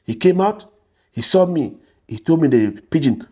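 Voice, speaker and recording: A man's voice: on the high side, expressive, moderate pace, warm tone. A man from Cameroon with a Cameroonian English accent, telling his story as an interview guest and acting out the people he quotes. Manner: acts out the people he quotes, shifting voice up and down. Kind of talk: animated storytelling.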